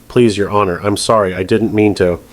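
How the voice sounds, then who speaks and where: A man's voice: on the low side, steady tone, a little fast, lightly acted. Man putting on Alyssa, screaming entitled heiress. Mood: pleading. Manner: screaming, defiant outbursts. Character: spoiled rich young woman, entitled and hysterical.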